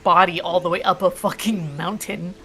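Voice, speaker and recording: A woman chatting casually with a friend during a stream, quick and animated, full of fillers and jokes. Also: fairly low pitch. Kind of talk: casual chat.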